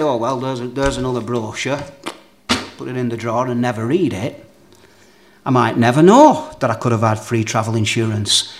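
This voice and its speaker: Preacher with a lively, animated voice. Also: male voice, on the high side. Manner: emphatic, repeats key phrases, addresses listeners directly. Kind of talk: sermon with object lessons.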